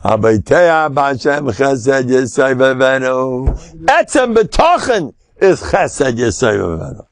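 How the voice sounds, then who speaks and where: Gravelly older American rabbi, lively lecture. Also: male voice, slow, no echo. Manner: lively storytelling, sudden high exclamations, Yiddish and Hebrew words. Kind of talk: Torah lecture on faith.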